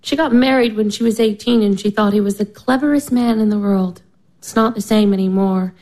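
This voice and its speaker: Woman doing a sad dreamy girl of twenty, mellow soft voice. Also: medium pitch, brisk, close to an everyday voice. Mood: confiding. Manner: soft, wistful. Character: young woman of twenty, wistful and disillusioned.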